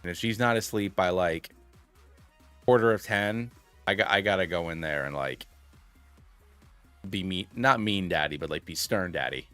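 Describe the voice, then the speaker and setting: A man's voice: low-pitched, normal speed, pauses often, fairly bright tone, clean tone, no room sound, faint music behind. A man in his thirties chatting casually on a live stream, rambling with lots of fillers and self-deprecating asides. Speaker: gaming streamer.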